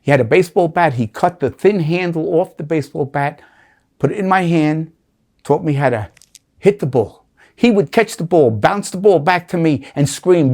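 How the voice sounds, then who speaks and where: Husky older man telling his story. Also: fairly high pitch, normal speed. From United States. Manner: animated, acts out voices in his story. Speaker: interviewee. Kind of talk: emotional storytelling.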